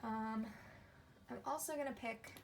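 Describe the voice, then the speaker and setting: A woman in her thirties vlogs casually from her desk at home while swatching inks from her collection, rambling chattily and often cutting herself off mid-thought. Her voice sits on the high side and is a little slow and gravelly, with a faint hiss or hum.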